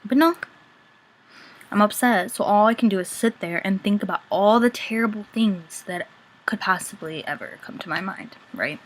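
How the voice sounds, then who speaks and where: A woman's voice: mid-range voice, expressive, normal speed, a little hiss or hum. A young woman talking casually to the camera, confessing her feelings with many filler words and now and then dropping to a whisper. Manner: chatty, many "like" fillers, drops to a whisper at times. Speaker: vlogger.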